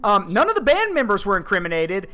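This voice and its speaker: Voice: mid-range voice, wildly swooping pitch, quick pace, pushed and bright. A streamer host in casual chat, telling a long story with lots of fillers and restarts. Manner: rambling, filler-heavy storytelling.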